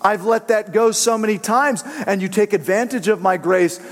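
A stern male God voice rings out high and raised, scolding and warning sneaky people, as a preacher puts him on. The voice hangs in a long, echoing hall reverb. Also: moderate pace, close to an everyday voice.

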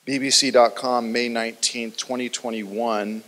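A male pastor delivers a sermon with dramatic storytelling, sinking his voice low and quiet to draw listeners in. His pitch sits in an ordinary middle range. The sound carries a long reverb from a large hall. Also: level tone, measured pace.

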